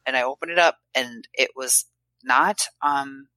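Bright, chatty young woman telling stories. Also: a bass voice, no room sound, low-quality recording. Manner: chatty storyteller, quick acted quotes. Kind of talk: casual chat.

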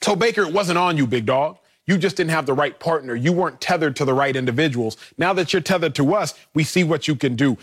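A man's voice: on the high side, quick pace, hardly any pauses, slightly rough. A man co-hosting a sports talk show, arguing with fervent conviction and listing facts rhetorically. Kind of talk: sports debate.

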